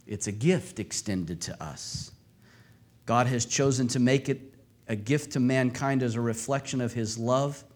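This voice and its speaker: A man preaching a sermon, stressing key phrases by repeating them and swinging between loud passages and quiet ones. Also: mid-range voice.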